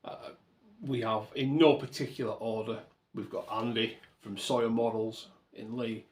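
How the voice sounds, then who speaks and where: A man's voice: medium pitch, fairly even intonation, moderate pace, darkish tone. A man hosting his own channel, talking earnestly and thankfully in a rambling way and often correcting himself mid-sentence. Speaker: model railway channel host. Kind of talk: reflective to-camera vlog talk.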